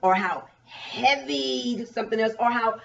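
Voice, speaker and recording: A woman teacher giving a remote pre-K lesson, drawing out words and asking young children gentle questions. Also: a little high, creaky. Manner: slow, drawn-out, coaxing questions to young children. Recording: dull, distant recording.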